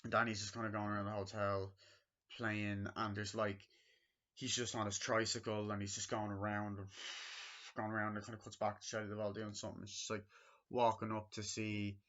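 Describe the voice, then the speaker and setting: Casual male film reviewer, rambling and filler-heavy, bright tense voice, lo-fi sound. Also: fairly low pitch, monotone, brisk. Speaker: movie reviewer. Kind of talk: casual movie review vlog. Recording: dull lo-fi recording.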